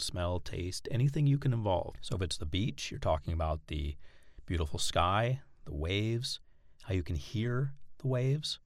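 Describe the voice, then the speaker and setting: Deep-voiced man teaching self-hypnosis. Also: dry recording, clean studio sound. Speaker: hypnotherapy instructor. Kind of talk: instructional talk.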